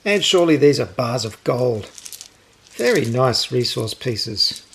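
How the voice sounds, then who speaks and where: A man's voice: medium pitch, sing-song, a little slow, slight background noise. A man hosting a board game channel, talking casually through an unboxing with chatty, jokey, delighted asides.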